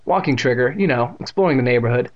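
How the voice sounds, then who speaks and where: A man's voice: mid-range voice, expressive, fast talker, muffled recording, close to an everyday voice. A man reading aloud and voicing a shy, hesitant young boy. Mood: uncertain. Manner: hesitant and uncertain.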